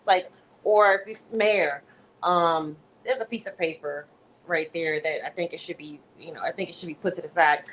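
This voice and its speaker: A woman host telling a story on a casual livestream, animated and freely profane. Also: on the low side, moderate pace, slight background noise, poor audio.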